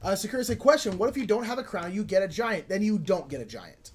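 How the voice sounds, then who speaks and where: A man's voice: sits high, lively intonation, fast talker, slightly rough. A man co-hosting a live board game stream, chatting casually, reading viewer comments aloud and explaining rules as he plays. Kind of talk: casual live-stream chat while playing.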